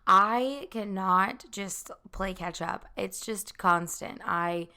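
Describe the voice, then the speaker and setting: Raspy hoarse young woman podcaster. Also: mid-range voice, slow pace. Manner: chatty, rambling, talks loud. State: hoarse from talking loud. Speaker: podcast host. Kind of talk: casual chat podcast.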